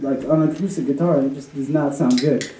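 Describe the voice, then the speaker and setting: A man's voice: medium pitch, steady tone, fast, mellow, a little hiss or hum. A young man from Chicago telling a story at a live story slam, rambling and profane, laughing as he goes. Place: live venue with an audience. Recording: roomy live recording from far off.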